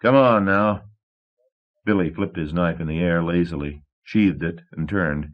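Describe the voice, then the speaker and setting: Deep voiced guy reading an audiobook, steady dramatic delivery, muffled 80s tape. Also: normal speed. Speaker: audiobook narrator. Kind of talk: scripted audiobook narration. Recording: dull 1980s cassette tape.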